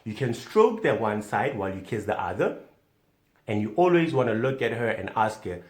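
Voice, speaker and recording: A man delivering a mock instructional comedy monologue as a self-styled doctor, theatrical and swinging between loud emphasis and hushed whispers. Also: on the low side, big pitch swings, normal speed. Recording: echoey room.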